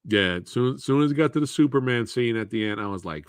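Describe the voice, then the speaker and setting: A man's voice: mid-range voice, lively intonation, fairly quick, hardly any pauses, clear, resonant tone, dry recording, clean studio sound. A man hosting a live movie Q&A stream, chatting casually, laughing often and swearing freely.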